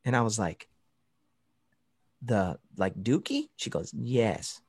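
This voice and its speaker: A man's voice: on the low side, slow pace, breathy edge, no echo. Laughing man telling stories on a call. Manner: storytelling, animated, laughs often. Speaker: podcast guest and pastor. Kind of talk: casual chat over a video call. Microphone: video call.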